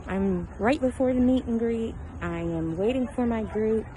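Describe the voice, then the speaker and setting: A woman recording an excited phone voice memo, breathless and gushing, shaky with excitement. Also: a little high, normal speed. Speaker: fan correspondent. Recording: loud crowd and traffic noise.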